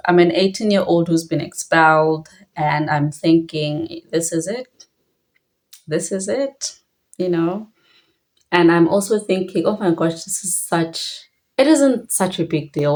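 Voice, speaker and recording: A young woman with a South African Xhosa accent telling a personal story in a reflective way, switching between languages mid-sentence. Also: lowish voice.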